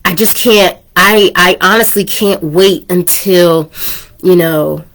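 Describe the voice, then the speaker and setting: A woman's voice: lowish voice, takes it slowly, fairly bright tone. Earnest woman host in her thirties. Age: 30s. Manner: earnest and emotional, with laughs. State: teary. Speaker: podcast host. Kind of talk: casual personal talk to listeners.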